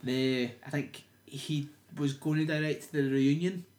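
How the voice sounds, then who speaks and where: Guy in his twenties, dry and sarcastic co-host with a slightly higher voice, roomy sound. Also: fairly even intonation, unhurried, a little mellow. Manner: sarcastic, sweary, reads aloud in a mock-dramatic voice. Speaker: podcast co-host. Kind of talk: casual chat.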